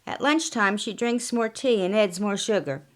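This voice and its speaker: A woman reading her own mystery story aloud as author and podcast narrator, unhurried and plain. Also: medium pitch.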